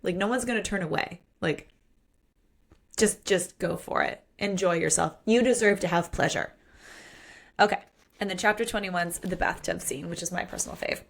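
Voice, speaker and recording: A woman's voice: on the low side, normal speed, vocal fry. A woman co-hosting a podcast, chatting candidly and animatedly about a romance novel and acting out its lines. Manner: candid, animated, acts out quotes. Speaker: podcast co-host. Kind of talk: casual book chat.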